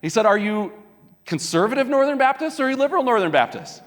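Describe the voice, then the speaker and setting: A man's voice: very high-pitched, big pitch swings, fast, pitched above the performer's own voice. A man voicing an eager male churchgoer on a bridge who quizzes a stranger about denominations, in a sermon joke. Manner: eager questions, then an outraged shout. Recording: long echo of a large hall.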